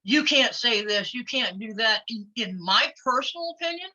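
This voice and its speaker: A woman, a former wrestler, chatting openly in an interview, outspoken and quick to laugh. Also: a little high, expressive, sharp tone. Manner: outspoken and blunt, laughs easily. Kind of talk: casual interview chat. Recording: lo-fi audio.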